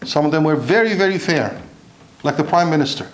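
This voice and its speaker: High-voiced impassioned male preacher. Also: expressive, fairly quick, a little hiss or hum. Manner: impassioned, rhetorical questions, mixes Arabic recitation. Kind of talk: Friday sermon.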